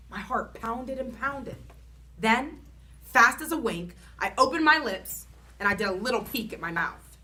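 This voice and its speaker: A woman reading a children's chapter book aloud in an expressive, animated storytelling manner. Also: on the high side, measured pace.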